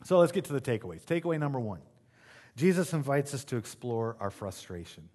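A man's voice: mid-range voice, very animated, a little fast, darkish tone. Conversational, emphatic male pastor preaching. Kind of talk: sermon.

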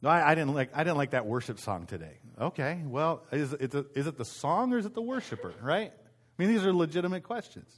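A man's voice: fairly high pitch, sing-song, brisk, husky. Storytelling man preaching a sermon. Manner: conversational storytelling, self-interrupting restarts. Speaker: pastor. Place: church meeting room.

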